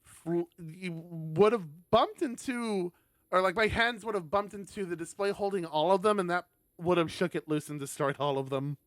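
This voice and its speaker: Young guy streamer reading a visual novel, keeps laughing and rambling, higher voice, dry sound. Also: normal speed, no room sound. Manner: animated, laughing, rambling asides.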